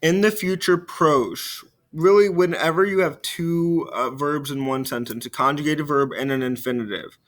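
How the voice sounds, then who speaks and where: Man teaching French grammar patient lesson voice. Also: fairly high pitch. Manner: explains grammar patiently, slows down to model French phrases; frequent fillers, trails off quietly at phrase ends. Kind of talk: recorded video lesson.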